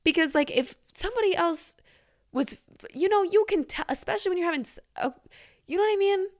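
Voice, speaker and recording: A young woman hosting a podcast, reading listener secrets aloud and reacting in a chatty, giggly, animated way. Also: very high voice, brisk. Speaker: podcast host.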